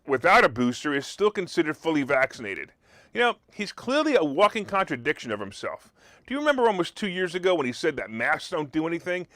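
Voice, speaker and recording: A man's voice: fairly high pitch, fairly bright tone, no echo, clean studio sound. A man hosting a political talk radio show, talking in sarcastic, mocking rants.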